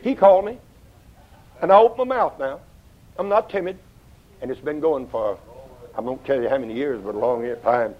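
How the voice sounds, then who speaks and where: An older man preaching a sermon, folksy and storytelling, swinging between loud outbursts and hushed asides. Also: medium pitch, moderate pace, long pauses. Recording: dull lo-fi sound.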